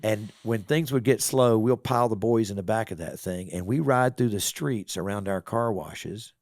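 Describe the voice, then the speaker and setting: A middle-aged man telling a story in a casual podcast interview, folksy and animated. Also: lowish voice, moderate pace, no room sound. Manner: folksy, animated storyteller acting out quoted voices. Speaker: business owner and real estate developer.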